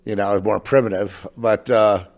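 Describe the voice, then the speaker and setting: Low-voiced man rambling casually. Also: fairly even intonation, darkish tone. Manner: halting, many restarts and trailing asides. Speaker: podcast host. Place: home in New Mexico.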